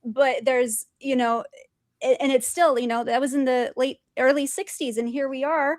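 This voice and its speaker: A woman guest telling her spiritual experiences in an animated way, laughing often and acting out quotes. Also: sits high, moderate pace, dry recording, studio quality. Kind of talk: storytelling in conversation.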